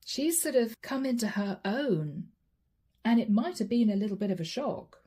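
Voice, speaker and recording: A woman's voice: on the high side, expressive, moderate pace, mellow, slightly rough. A woman doing a channeled tarot reading, chatting directly to her viewers as she reads the cards aloud. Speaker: tarot card reader.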